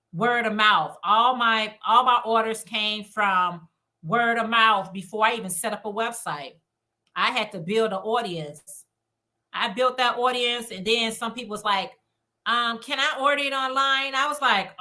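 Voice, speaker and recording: Chatty bright-voiced woman hosting a livestream. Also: on the high side. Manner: chatty and encouraging, reads chat comments aloud. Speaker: livestream host. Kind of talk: casual live-stream chat with viewers.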